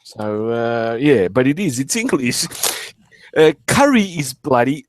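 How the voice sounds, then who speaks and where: A man's voice: mid-range voice, unhurried, no echo. A man in his fifties chats on his own stream, jumping in eagerly and tripping over his words as he restarts. His voice sits mid-range, and the sound is dry and close. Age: 50s. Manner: excitable, stammering restarts. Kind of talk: casual chat.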